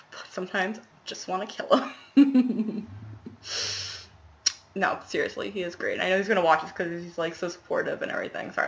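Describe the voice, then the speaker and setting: A woman's voice: mid-range voice, a bit bright. A young woman chatting casually to camera about her cross-stitch, rambling with laughing asides, recorded at home in a small apartment.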